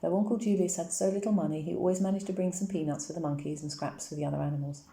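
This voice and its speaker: A woman reads a children's novel aloud in a low, mellow voice. She tells the story in a calm, measured way. The room around her is echoey. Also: creaky. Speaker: reader.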